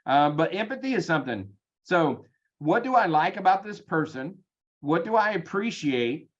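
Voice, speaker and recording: A man leading a sales team meeting, energetic and chatty, with frequent ums, over a video call. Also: fairly high pitch, moderate pace, muffled recording. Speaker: real estate team leader.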